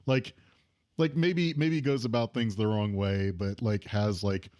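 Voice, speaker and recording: A man's voice: on the low side, fairly even intonation, unhurried, a little mellow, no echo, studio quality. A man co-hosting a podcast in casual chat, joking and laughing often. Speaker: podcast co-host.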